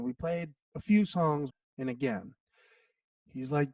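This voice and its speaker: A man's voice: fairly high pitch, unhurried, no echo, recorded from a distance. A man in his thirties, a songwriter guest, telling a story in a casual interview, acting out quotes and saying "like" a lot. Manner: animated, acts out quotes, says "like" often.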